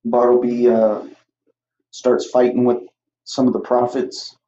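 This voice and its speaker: In a muffled, roomy home recording, a young podcast host rambles through a movie's plot, swearing freely and performing the characters' lines. He speaks at medium pitch in a monotone, unhurried way, with a dark tone.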